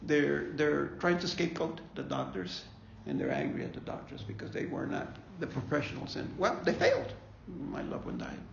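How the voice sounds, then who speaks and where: Speaking at normal speed in a slightly high, creaky, sing-song voice, a man leads a faith-based bereavement session with hardly any pauses. As a grief ministry leader, he keeps things conversational, often repeats himself, and checks in with "okay?". The room echoes, the sound is dull and lo-fi, and there's slight background noise.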